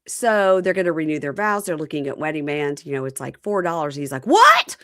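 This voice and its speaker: A woman's voice: sits low, a little fast, no echo, studio quality. A woman hosting a podcast, recapping a reality show in casual chat and acting out the people she quotes. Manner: animated retelling with quoted voices. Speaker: podcast host.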